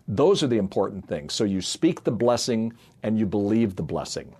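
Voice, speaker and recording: Middle-aged male ministry speaker, low voice, earnest family-story sermon. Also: animated, moderate pace, few pauses, darkish tone, slightly rough. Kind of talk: sermon-style talk with personal stories.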